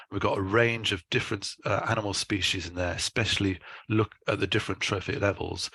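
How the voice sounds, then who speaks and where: A scientist delivering a conference lecture in a measured, explanatory way, with the occasional dry aside. His voice sits a little low and has a husky edge. It carries a forceful, bright tone. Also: no room sound. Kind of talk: conference talk.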